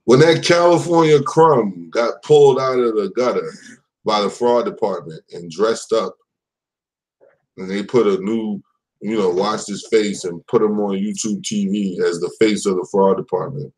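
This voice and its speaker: A man's voice: fairly low pitch, moderate pace, darkish tone, low-quality recording. A man hosting a live commentary stream, talking in a casual, profane, mocking way and laughing at his own jokes.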